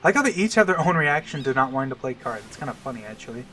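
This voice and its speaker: A young man giving relaxed, chuckling commentary while playing a game. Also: mid-range voice, racing, slight background noise. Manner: relaxed, chuckling asides, reads dialogue aloud. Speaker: let's play host.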